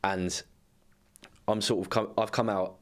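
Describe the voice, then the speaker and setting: A man's voice: lowish voice, flat delivery, measured pace, fairly bright tone. A young man telling rambling football anecdotes in casual chat, swearing freely. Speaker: former footballer guest.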